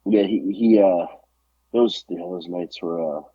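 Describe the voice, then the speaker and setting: A man's voice: sits low, unhurried, husky, dull audio. A middle-aged man co-hosting a podcast, telling profane, rambling anecdotes in a casual chat full of fillers. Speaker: podcast co-host.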